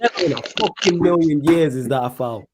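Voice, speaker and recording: A young man, co-hosting a football watchalong in casual chat, slangy and excitable, swearing freely. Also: on the high side, fairly quick, background noise. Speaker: watchalong co-host.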